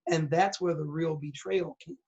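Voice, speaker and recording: A woman's voice: low-pitched, fairly even intonation, moderate pace, mellow. Earnest middle-aged woman, dull lo-fi sound. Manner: candid, earnest storytelling with a preacher's emphasis. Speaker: pastor and guest. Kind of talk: personal testimony in an interview. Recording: dull lo-fi recording.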